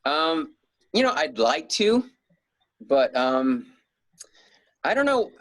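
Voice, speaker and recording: A man's voice: fairly high pitch, very animated, slow pace, no echo, rough recording. A middle-aged man being interviewed as an author, rambling in a casual way with frequent chuckles and restarts. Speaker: guest author.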